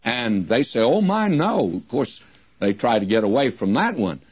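An older man teaching the Bible on the radio, preaching slowly and deliberately with emphatic repeated phrases. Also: fairly low pitch, breathy edge, dry recording. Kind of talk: radio sermon. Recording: dull lo-fi dry radio recording.

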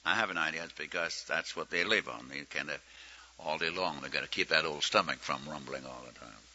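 Folksy preacher with a bright, tense voice. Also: male voice, rumbling low, fairly quick. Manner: folksy storytelling, acts out quoted prayers. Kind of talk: sermon teaching. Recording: muffled lo-fi recording.

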